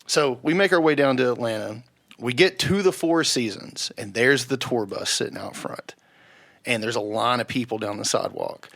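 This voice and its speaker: A young man telling a rowdy story on a podcast, swearing freely and loudly acting out the people he quotes. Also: medium pitch, normal speed, gravelly. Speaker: podcast guest. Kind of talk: casual storytelling.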